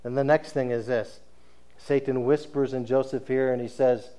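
Conversational male preacher, mid-pitched. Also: fairly even intonation, moderate pace, mellow. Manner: conversational storytelling, checks in with listeners. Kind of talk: sermon.

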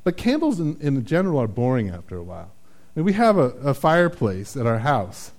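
A man's voice: mid-range voice, wildly swooping pitch, fairly quick, darkish tone. A man preaching a sermon in a conversational, self-deprecating way, often checking in with "right?". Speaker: pastor.

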